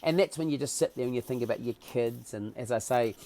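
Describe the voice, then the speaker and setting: A man's voice: mid-range voice, fast talker, dark tone. A middle-aged man, telling a story as a podcast guest with comic, self-mocking asides and acted-out quotes. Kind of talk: animated personal storytelling.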